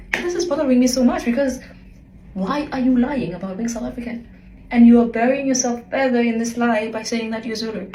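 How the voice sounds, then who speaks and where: A woman's voice: on the low side, a little mellow, echoey room, slight background noise, rough recording. A woman telling a story to camera in a casual vlog, retelling a conversation in an emphatic, incredulous way. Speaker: vlogger.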